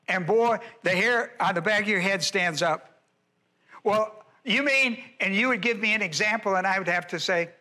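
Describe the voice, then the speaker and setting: A man's voice: high voice, sharp tone. A male pastor preaching an expository sermon, emphatic and repeating his key words.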